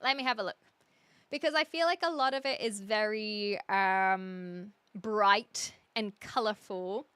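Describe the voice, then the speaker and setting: This young woman streamer talks casually with her audience, reading out comments and chattering through her indecision. Her smooth, medium-pitched voice moves unhurriedly, and there's no echo.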